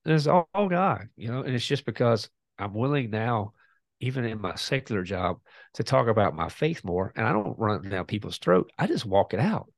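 A man's voice: fairly low pitch, very animated, normal speed, vocal fry, no echo. A man, a podcast guest casually telling a story and acting out both sides of a conversation.

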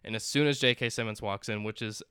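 Young male podcast co-host, rambling film recap, very clear smooth voice. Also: on the low side, steady tone, fast talker, pushed and bright, dry recording, studio quality. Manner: rambling with many fillers and restarts. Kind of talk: casual chat recapping a movie.

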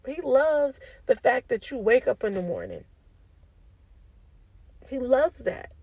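A woman's voice: high-pitched, lively intonation, slow, pauses often, mellow, dry recording, poor audio. A woman giving an informal devotional talk to her online community, often asking "okay?" and speaking in a casual, preachy way. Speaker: faith speaker.

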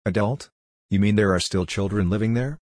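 A distrustful, argumentative woman steward, as a male narrator puts her on snaps out demands in a low, husky voice. The reading is plain and close, in a dry storybook sound. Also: a little fast, a little mellow, dry recording, close to an everyday voice. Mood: demanding. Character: distrustful, defiant adult woman flight steward.

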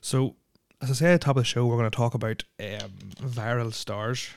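A man's voice: mid-range voice, steady tone, brisk, a little hiss or hum. A young Irish man hosting a casual podcast, rambling and swearing constantly, with lots of filler words on a close mic. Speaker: podcast host.

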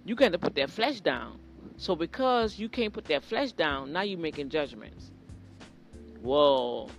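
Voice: medium pitch, sing-song, unhurried, highs cut off, soft background music. Earnest preacher repeating key phrases. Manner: earnest, repeats phrases, addresses listeners directly. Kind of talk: informal sermon.

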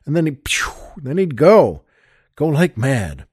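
A man's voice: fairly high pitch, sing-song, slow, darkish tone, breathy edge, no room sound, studio quality. An older man hosting a podcast, telling a joke in a rambling, chuckling way, with lots of fillers. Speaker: podcast host. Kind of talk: casual storytelling chat.

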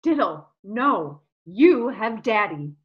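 An actress playing a greedy, entitled young newlywed with profane, theatrical outbursts in a comedic audio drama. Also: female voice, medium pitch, very animated, slow pace, dull audio. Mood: scheming.

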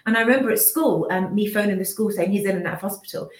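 A woman's voice: mid-range voice, fast talker, a little hiss or hum. A woman in her fifties speaks candidly and emotionally as an interview guest. She often restarts her sentences and acts out what others said. Her voice sits mid-range and carries a noticeable roomy echo. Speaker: business owner and mother, interview guest. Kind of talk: candid personal account in an interview.

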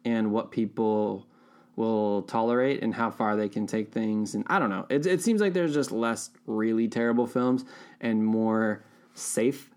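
A man's voice: on the low side, unhurried, a little mellow. A man hosting a casual movie podcast, chatting and laughing often, restarting his sentences. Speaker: podcast host. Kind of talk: casual chat about movies.

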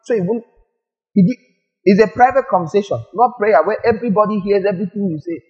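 A male preacher giving a lively sermon, firing rhetorical questions at the congregation and acting out little scenes. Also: high voice, fast talker, highs cut off.

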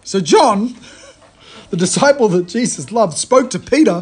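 A man giving a conversational sermon, retelling a story in a lively way and often restarting his phrases. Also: high voice, unhurried, husky. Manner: animated storytelling, frequent restarts. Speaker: preacher.

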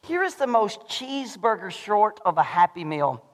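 A pastor preaching a sermon in a church, animated and swinging between shouting and hushed lows. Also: male voice, moderate pace. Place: church sanctuary. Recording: long hall reverb.

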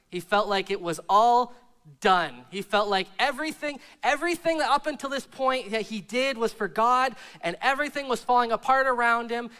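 A man's voice: extremely high pitch, pushed and bright, clean tone. A man preaching a sermon as pastor, talking conversationally and throwing in asides to the congregation.

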